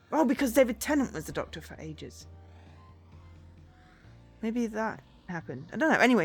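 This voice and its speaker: A woman in her thirties, a streamer chatting casually and rambling between tangents while she plays. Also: medium pitch. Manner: rambling, chatty, self-deprecating. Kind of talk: casual chat while livestreaming a game.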